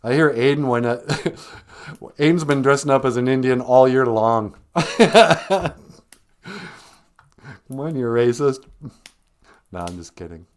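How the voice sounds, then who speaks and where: A man hosting a comedic live stream, joking with viewers, laughing often and making deadpan asides. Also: mid-range voice, normal speed, clear, resonant tone. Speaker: host.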